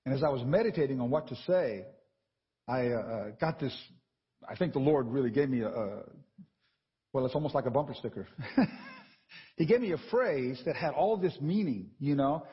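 A man preaching a sermon in a church, animated and conversational, often checking in with the congregation. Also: medium pitch, moderate pace, long pauses, in a large hall, muffled recording. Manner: animated and conversational, with frequent "right?" asides.

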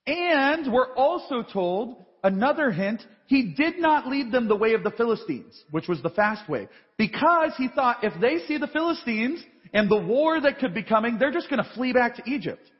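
A man preaching a sermon in a large church, reading scripture aloud and acting out the voices in the story. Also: extremely high pitch. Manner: animated, reads scripture then acts out voices. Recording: dull live church feed with long reverb.

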